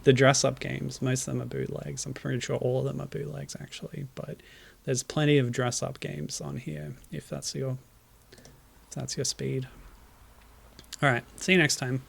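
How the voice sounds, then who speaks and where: A man's voice: medium pitch, flat delivery, normal speed, gravelly, slightly rough. A tired man in casual gameplay commentary, making wry, dry jokes and chuckling at the game. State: tired, low energy. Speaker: streamer.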